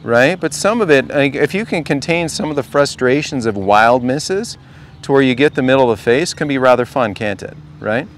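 A man's voice: medium pitch, expressive, normal speed, slight background noise. A man coaching a group at a golf clinic, talking casually and asking the group question after question. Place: outdoor golf practice range.

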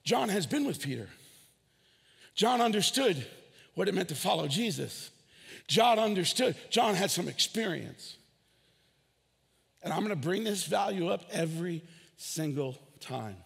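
Animated pastor with a husky, gravelly voice. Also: male voice, sits high, moderate pace, long reverb tail. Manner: animated preaching with shouted peaks and acted dialogue. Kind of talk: sermon. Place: church hall.

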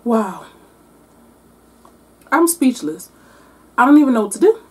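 A woman doing a mukbang-style book wrap-up, animated and exclamatory as she talks between bites. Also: a little high, measured pace, a little hiss or hum. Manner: animated, exclamatory, talking while eating. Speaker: book vlogger.

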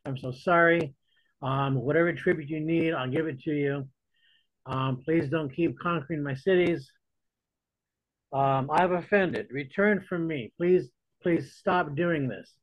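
A man's voice: a little high, unhurried, dry recording. A man voicing a panicking ancient king who begs and apologizes, in a dull lo-fi recording. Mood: pleading. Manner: pleading, apologetic.

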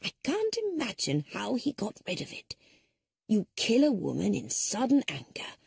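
A woman reads as an elderly spinster detective, pitching her medium voice higher in a heavily acted performance. The pitch swoops wildly at a moderate pace, with a creaky, husky, slightly mellow texture. Gentle yet sharp-witted, the character reasons things through mildly and politely in this audiobook reading, on clean studio audio with no room sound.

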